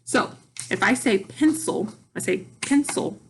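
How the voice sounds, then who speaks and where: A woman teaching a phonics lesson to young children, speaking patiently and deliberately as she sounds out words and syllables. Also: medium pitch, a little hiss or hum.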